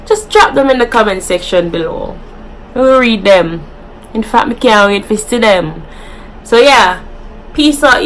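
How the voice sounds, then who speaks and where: A woman's voice: fairly high pitch, fairly bright tone, slight background noise, low-quality recording. A young adult woman with a Jamaican accent, hosting a casual vlog and playfully switching into patois examples. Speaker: vlogger.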